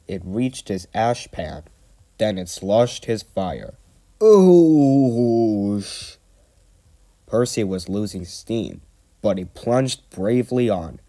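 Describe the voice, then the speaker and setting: A man reading a children's storybook aloud in a gentle, measured way. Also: fairly low pitch.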